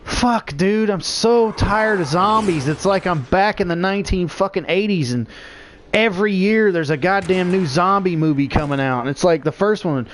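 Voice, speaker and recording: A middle-aged man chatting loosely over his gameplay, rambling from topic to topic and swearing freely. His voice sits a little high for a man, and he laughs often. A faint noise floor hangs behind him. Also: moderate pace. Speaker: gaming vlogger. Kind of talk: casual gameplay chat.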